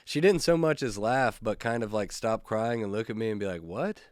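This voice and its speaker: A male comedian hosts his solo podcast with a fairly low voice, rambling loosely through stories. He swears casually and pokes fun at himself. The recording is close and dry. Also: lively intonation, a little fast, no echo. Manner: laid-back, rambling, profane, self-mocking.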